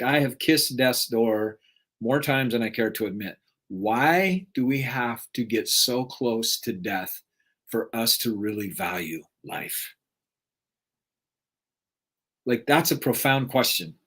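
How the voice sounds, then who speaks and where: A man's voice: mid-range voice, fairly bright tone. A man giving an earnest, emotional motivational talk, often ending points with a rhetorical "right?". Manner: rhetorical, keeps adding "right?". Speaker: motivational speaker.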